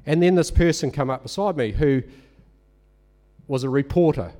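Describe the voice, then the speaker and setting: A man giving a conversational sermon, telling a personal story in an animated, storytelling way. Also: mid-range voice, normal speed. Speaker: lay preacher.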